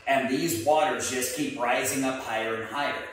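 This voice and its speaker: A man's voice: medium pitch, moderate pace. Man telling a story in an echoey room. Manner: earnest, animated when telling a joke story. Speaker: martial arts instructor and co-host. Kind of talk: casual chat with storytelling. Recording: echoey room, mic at a distance.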